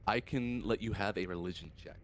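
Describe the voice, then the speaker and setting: A man's voice: on the low side, fairly quick, a little hiss or hum. A man narrating as dungeon master of a tabletop role-playing game.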